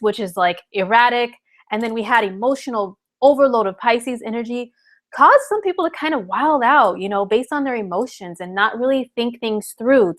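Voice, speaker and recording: A woman's voice: a little high, a bit bright. Woman, astrologer, casual livestream chat, candid, filler-heavy. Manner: chatty, candid, many fillers. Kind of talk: live-streamed astrology forecast.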